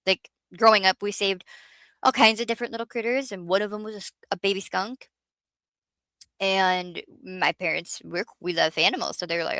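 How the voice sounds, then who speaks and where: Chatty woman with a bright, gravelly voice. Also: mid-range voice, steady tone, a little fast, no room sound. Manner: rambling, chatty, self-mocking. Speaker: livestream host. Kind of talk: casual livestream chat with viewers.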